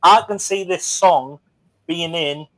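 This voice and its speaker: A man's voice: fairly high pitch, slow pace, a bit bright, no room sound, low-quality recording. A man hosting a live stream chat, teasing and jokey. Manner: teasing, jokey, mimics others. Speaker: livestream host. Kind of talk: casual chat.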